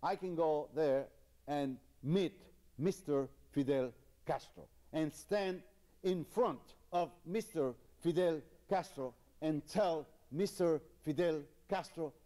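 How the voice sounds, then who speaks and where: A man's voice: fairly high pitch, takes it slowly, mellow, pitched above the performer's own voice. A man playing a boastful Cuban guy in a joke, topping another man's story.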